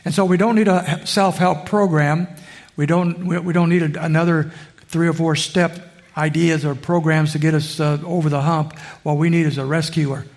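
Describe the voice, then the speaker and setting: A man preaching a sermon in a conversational way, with frequent pauses and fillers. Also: a little high, fairly even intonation, darkish tone. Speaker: pastor.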